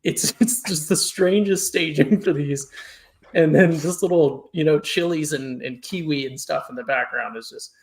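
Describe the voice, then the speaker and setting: A man co-hosting a podcast, ranting in an animated, exasperated way during a casual food-ranking chat. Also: fairly high pitch, normal speed. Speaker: podcast co-host.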